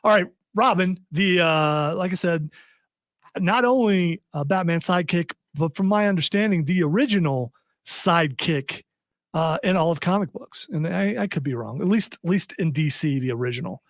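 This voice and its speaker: A male radio host rambles through a casual chat, cracking jokes at his own expense. His voice sits a bit high and sounds dry and close. He keeps things loose and talky. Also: animated, moderate pace, dry recording. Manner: jokey, rambling, self-deprecating. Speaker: radio host running the show.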